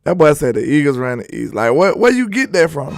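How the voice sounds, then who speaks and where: Young guy on a sports stream roasting his chat, kinda high voice, music under it. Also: sing-song, brisk, creaky, no echo, clean studio sound. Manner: loud trash talk, laughing and teasing viewers. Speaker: sports channel host. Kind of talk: live stream reading viewer comments.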